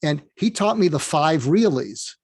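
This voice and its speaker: A man being interviewed as a doctor, telling rambling, animated anecdotes. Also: a little high, measured pace, husky, dry recording. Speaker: guest, doctor. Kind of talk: interview storytelling.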